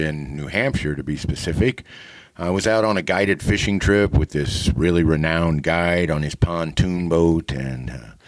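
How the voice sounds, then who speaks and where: A middle-aged man with a very low, dry voice hosts a podcast. He tells a long story in a deadpan, rambling way, full of fillers. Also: no room sound. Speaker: podcast host. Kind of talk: casual storytelling monologue.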